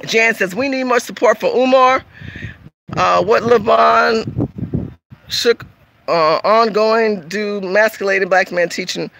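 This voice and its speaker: A woman's voice: mid-range voice, slow, creaky, fairly bright tone, a little hiss or hum, rough recording. A woman from California hosting a casual livestream, talking emphatically and repetitively straight to her viewers as she reads their comments.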